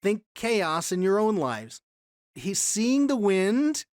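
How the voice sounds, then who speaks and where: A man's voice: sits high, big pitch swings, slow pace, dry recording, studio quality. A man teaching a Bible lesson in a conversational way, reading scripture aloud with emphasis and asking rhetorical questions.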